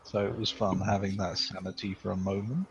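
A man's voice: sits low, flat delivery, a little fast, dull audio, background noise. A man playing a tabletop horror game, stating his character's actions with dry, joking asides. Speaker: player. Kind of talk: casual tabletop game play.

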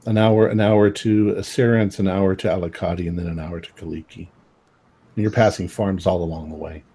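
A man narrating as game master, pausing often with filler sounds. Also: low-pitched, fairly even intonation, dark tone, a little hiss or hum. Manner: rambling, many filler sounds.

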